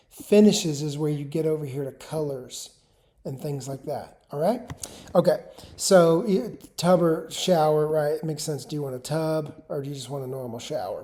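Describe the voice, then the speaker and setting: A man's voice: fairly high pitch, warm tone. A man from a home improvement company giving a casual screen-share tutorial. He talks conversationally, often checks in with the viewer, and restarts his sentences while clicking through options. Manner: conversational, checks in with rhetorical questions.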